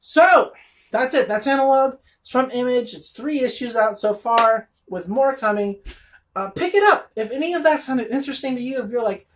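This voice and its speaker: A woman's voice: fairly high pitch, animated, normal speed, slight background noise. A woman reviewing a comic in casual chat, blunt and sarcastic, with lots of fillers and asides.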